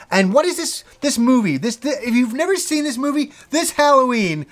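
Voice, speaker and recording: A middle-aged man hosting a show, talking casually and excitedly about his favourite movies, rambling with restarts and the odd swear word. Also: fairly high pitch. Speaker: host. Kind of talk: casual movie list talk.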